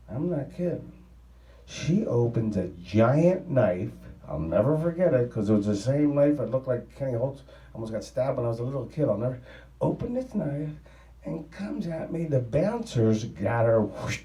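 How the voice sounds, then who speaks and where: A man being interviewed, telling a rambling anecdote in an excitable, profane way. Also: mid-range voice. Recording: roomy sound from a distant mic.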